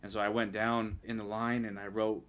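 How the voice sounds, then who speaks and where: In a casual podcast chat, a man shares an earnest, heartfelt personal testimony and often restarts his sentences. His voice is on the low side and a bit bright, with little pitch movement and a moderate pace.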